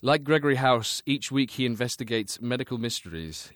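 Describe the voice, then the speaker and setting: A man, a guest actor on a comedy panel show, explaining things in a relaxed, rambling way. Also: mid-range voice, fairly quick, no room sound, clean studio sound.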